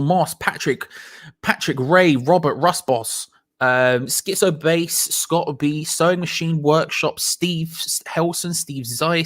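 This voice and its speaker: A fairly high-voiced man chats casually as host of a live football watch-along. He greets viewers one by one and talks fast between predictions. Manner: chatty, reads out viewer names, quick asides.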